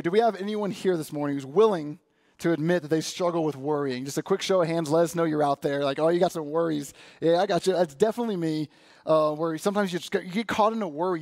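A man preaching a sermon, praying and reading scripture in an earnest, lively way. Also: a little high, no echo, clean studio sound. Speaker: pastor.

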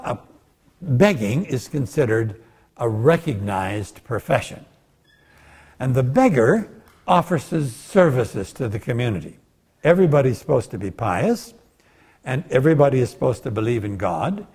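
An older man lectures on scripture, with a husky, slightly breathy voice at an ordinary middle pitch. He tells the story like a storyteller, animated and often jumping into the voices of the people he describes. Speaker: guest lecturer. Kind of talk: bible lecture.

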